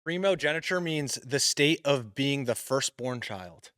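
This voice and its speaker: Male co-host, mid-pitched and matter-of-fact, dry close sound. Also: expressive, unhurried, a bit bright, no echo. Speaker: podcast co-host, quizmaster. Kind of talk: casual podcast banter.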